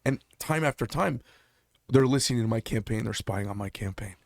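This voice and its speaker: A man's voice: medium pitch, fairly quick, creaky, dry recording, clean studio sound. A man hosting a casual interview, rambling with many hesitations and blunt, profane remarks. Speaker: podcast host.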